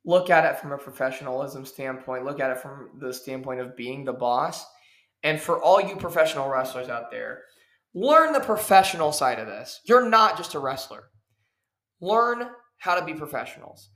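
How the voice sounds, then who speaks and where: On his solo podcast, a wrestler rants in a very animated, pushed and bright medium-pitched voice at a normal speed. He preaches heatedly and hammers the same points repeatedly, recorded in a room with echo.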